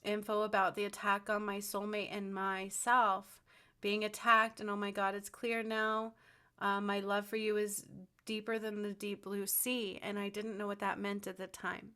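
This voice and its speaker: A woman speaks in a level, flat voice. She talks earnestly and insistently in a spiritual commentary vlog. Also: mid-range voice, normal speed, clear, resonant tone. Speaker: spiritual vlogger.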